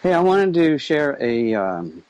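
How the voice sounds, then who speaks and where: A man calling in to a radio show on his phone, relaxed and friendly, with small hesitations. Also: on the high side, measured pace, smooth, lo-fi sound. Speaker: caller. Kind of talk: call-in radio chat. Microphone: phone over an internet call.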